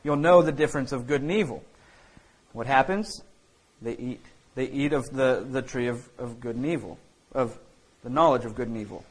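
A man's voice: a little high, rough recording. A man preaching a sermon as a pastor, talking in a conversational way with many fillers and restarts.

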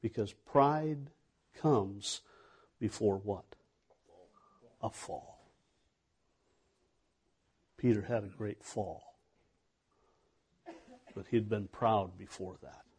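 A man's voice: on the low side, extremely slow, long pauses, darkish tone, slightly rough. A man preaching a sermon in a conversational way, asking the listeners questions. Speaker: pastor.

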